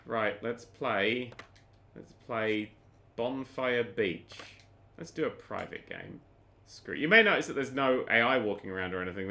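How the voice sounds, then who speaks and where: Brit guy ranting at a game, swears a lot, bright voice, pitch jumps all over. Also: a little hiss or hum. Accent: British. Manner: sarcastic, exasperated, ranting. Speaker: gaming YouTuber.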